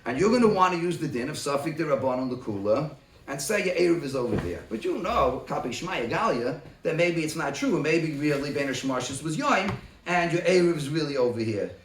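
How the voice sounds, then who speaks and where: A man leads a Talmud study group, talking the case through in lively back-and-forth exchanges where he voices each side himself. His pitch swings a lot and sits somewhat high. He is recorded from a distance in a roomy, echoing space. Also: slight background noise. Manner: animated, acts out both sides of the case in quick exchanges. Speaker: rabbi leading a study group.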